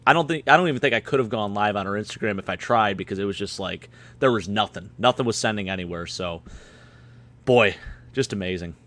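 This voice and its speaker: A man, slightly hoarse and a bit tipsy, rambling excitedly about his game day. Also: fairly low pitch, a little fast. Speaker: guest fan panelist. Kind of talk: casual chat.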